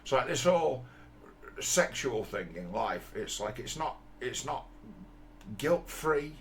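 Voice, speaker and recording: A man's voice: medium pitch, vocal fry, slight background noise. A man, talking bluntly in a rambling, profane monologue full of restarts. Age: 50s. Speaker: commentator.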